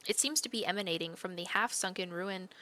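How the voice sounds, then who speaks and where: A woman's voice: on the low side, brisk, background noise. A woman co-hosting a gaming channel, reading a game's story text aloud expressively. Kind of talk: reading game narration aloud.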